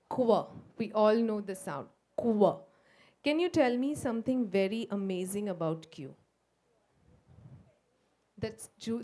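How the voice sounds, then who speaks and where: A woman with an Indian English accent leading a phonics workshop for teachers, slowly sounding out letters in a coaxing, sing-song way. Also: mid-range voice, dark tone. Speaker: teacher trainer. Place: school workshop room.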